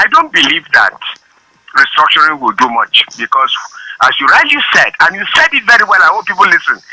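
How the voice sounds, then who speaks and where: Insistent caller, high and lively. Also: male voice, no room sound, low-quality recording. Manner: emphatic, repetitive, insistent. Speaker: phone-in caller. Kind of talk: call-in comment. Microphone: phone line.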